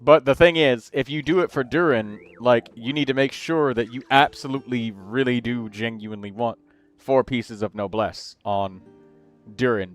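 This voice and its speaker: Give me a man chatting loosely on a game stream, giving build tips, with soft music underneath. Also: medium pitch. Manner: chatty, rambling, quick asides to chat. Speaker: livestream host giving game build advice. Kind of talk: casual livestream commentary.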